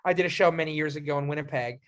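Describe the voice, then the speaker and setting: A man's voice: on the high side, rapid-fire. A young man from Canada, an actor being interviewed, talking casually with lots of restarts and fillers. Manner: animated, many restarts and fillers. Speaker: actor guest.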